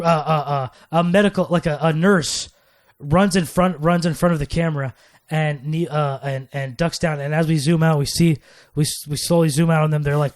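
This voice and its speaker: A man co-hosting a podcast in casual chat, rambling as he pitches ideas, with plenty of fillers. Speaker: podcast co-host.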